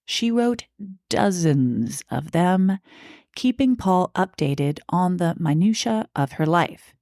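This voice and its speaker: A woman's voice: fairly low pitch, lively intonation, takes it slowly, a little mellow, dry recording. Dry-sounding woman telling a true-crime story. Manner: tells the story from notes, chatty asides. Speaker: podcast co-host.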